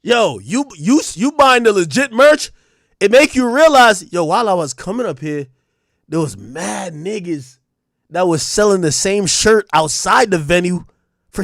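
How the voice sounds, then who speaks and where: A young man, live-streaming a casual, profane, animated rant to his chat and breaking into loud outbursts. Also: sits high, normal speed, no echo, clean studio sound.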